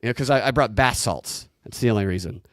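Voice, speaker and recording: A man's voice: mid-range voice, quick pace, fairly bright tone, no room sound. A man with a Southern US drawl trades jokes in casual podcast chat. He laughs at his own lines. The sound is dry and close. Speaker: podcast co-host. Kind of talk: casual comedic commentary.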